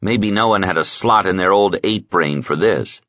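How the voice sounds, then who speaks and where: Deep-voiced male narrator, measured and even, dry close audio with a dull top end. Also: no room sound. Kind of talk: scripted narration.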